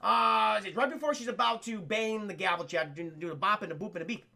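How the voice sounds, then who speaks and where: Streamer, male, tipsy and foul-mouthed, rambles to chat in a sharp gravelly voice. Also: high voice, fairly quick. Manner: profane, rambling, keeps addressing chat; half-drunk, animated storytelling. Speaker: streamer film reviewer. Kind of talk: casual spoiler review to live chat.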